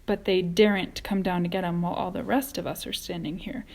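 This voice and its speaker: A woman reading aloud, voicing a calm, determined young boy laying out a plan in a storybook. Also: on the low side, fairly quick, vocal fry. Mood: explaining. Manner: calm, firm.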